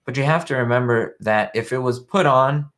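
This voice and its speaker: A young man with a medium-pitched, slightly bright voice hosts a casual live-stream commentary, speaking at a moderate pace. He rambles along and reads viewer comments aloud, picked up by a webcam mic.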